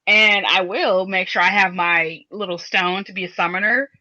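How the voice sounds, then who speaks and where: A woman's voice: medium pitch, fairly even intonation, moderate pace, bright, forceful tone. A woman co-hosting a casual podcast, explaining things at length in a rambling way with many restarts. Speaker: podcast co-host. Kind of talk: casual chat. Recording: dull lo-fi podcast recording.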